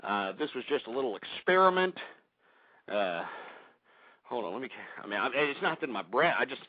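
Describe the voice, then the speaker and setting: A man's voice: medium pitch, lively intonation, moderate pace, no echo, phone-quality sound. A man hosting a radio show, panicked and rambling, stammering through an apology with his heart racing.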